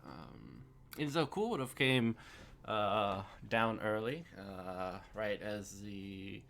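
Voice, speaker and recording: A man's voice: lowish voice, expressive, slow pace, vocal fry, fairly bright tone. A man playing in a tabletop game, speaking hesitantly with many fillers. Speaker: player.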